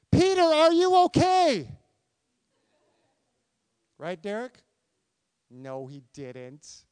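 A man preaching a sermon, reading scripture and asking the congregation questions in an animated, conversational way. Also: high voice, smooth, dry recording. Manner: animated, talks to congregation with questions, acts out quotes. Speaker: pastor.

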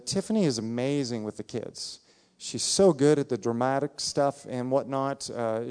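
A man addresses his church, his voice smooth and clear at an ordinary middle pitch. He talks with eager warmth, peppered with little fillers. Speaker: church trip leader. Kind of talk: church service announcement.

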